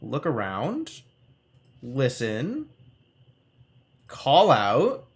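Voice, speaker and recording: Man streaming, lively gamebook narration. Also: mid-range voice, drawn-out words. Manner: lively, reading with wry asides. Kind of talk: reading aloud a gamebook while playing live.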